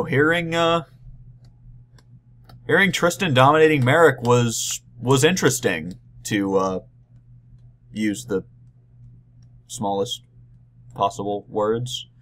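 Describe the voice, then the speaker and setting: A young man recapping a convention panel in a casual vlog, rambling and halting with many restarts and a wry, deadpan touch. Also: mid-range voice, a little hiss or hum. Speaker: vlogger.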